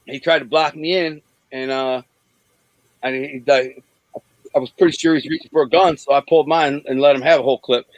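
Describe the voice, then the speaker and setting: A man in his forties from Detroit, bluntly telling rough stories in an interview over a video call, rambling with many restarts. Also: medium pitch, fairly even intonation, a little fast, no echo, poor audio. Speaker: interview guest. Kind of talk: candid storytelling in an interview.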